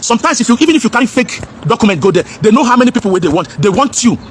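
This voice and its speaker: A man's voice: very high voice, sing-song, very fast, a little hiss or hum. A man in an impassioned, preachy monologue, asking rhetorical questions and slipping into pidgin.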